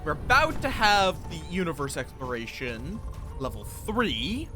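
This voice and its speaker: Bright, lively man streaming a game. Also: fairly high pitch, a little slow, faint music behind. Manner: chatty, greets chat while building, thinks aloud. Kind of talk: casual live-stream commentary.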